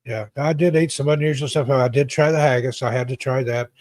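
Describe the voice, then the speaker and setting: A man's voice: medium pitch, fairly even intonation, brisk, darkish tone, no echo. An American man chatting casually as a guest, telling long rambling travel stories and often stumbling over his first words. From United States. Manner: rambling storyteller, stammers on restarts. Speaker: guest author and YouTuber. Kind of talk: casual chat.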